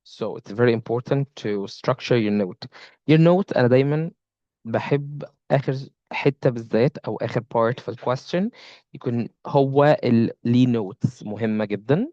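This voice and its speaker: A man's voice: medium pitch, quick pace, darkish tone, no echo. A young man with an Egyptian accent, teaching in a casual video lesson and switching between English and Egyptian Arabic mid-sentence. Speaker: IELTS speaking teacher. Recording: slightly dull lo-fi sound.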